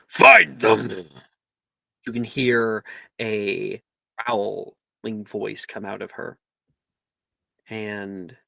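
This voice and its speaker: A man running a tabletop game as game master, narrating in an unhurried way with many ums and likes. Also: on the low side, creaky, fairly bright tone, no echo.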